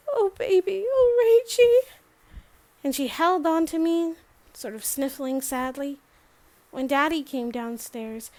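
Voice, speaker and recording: A woman reading a novel aloud as a first-person letter, giving the quoted lines their own voices. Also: high voice. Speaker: audiobook reader.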